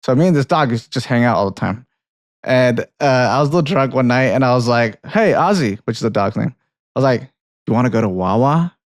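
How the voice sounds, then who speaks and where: A young man speaks fast in a medium-pitched voice, recorded clean in a studio without echo. Co-hosting a casual film podcast, he mixes film review and anecdote, rambling along, laughing often, swearing freely and repeatedly restarting sentences.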